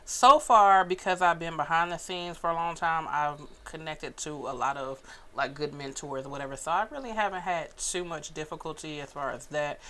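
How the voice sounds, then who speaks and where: A woman's voice: sits low, moderate pace, few pauses, fairly bright tone. A woman comedian as a podcast guest, talking loosely and playfully and laughing often. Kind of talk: casual chat.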